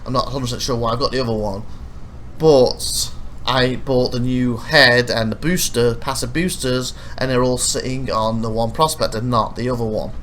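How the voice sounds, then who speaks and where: A man's voice: mid-range voice, moderate pace, slight background noise. Rambling man narrating his gameplay. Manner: rambling, self-correcting, animated when retelling frustrations. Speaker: let's play host. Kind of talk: casual gameplay commentary.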